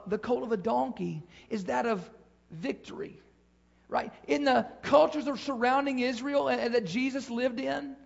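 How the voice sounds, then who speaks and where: A man with a very high voice preaches a sermon. His cadence rises and falls as he repeats phrases for emphasis. The recording sounds muffled and lo-fi. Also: creaky. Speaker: pastor.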